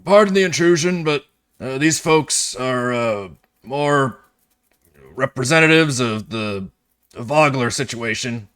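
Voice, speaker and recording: A man's voice: medium pitch, expressive, slow pace, a bit bright, clean tone, voice pushed up. A man voicing a nervous male city guard who apologizes and stumbles over his words.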